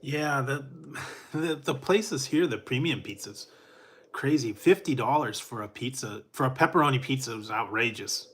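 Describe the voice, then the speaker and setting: A man's voice: medium pitch, expressive, normal speed, fairly bright tone, breathy edge. Laid-back rambling man chatting about pizza. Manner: rambling, laid-back, chuckles often, many fillers. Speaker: food reviewer. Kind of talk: casual chat with live chat viewers.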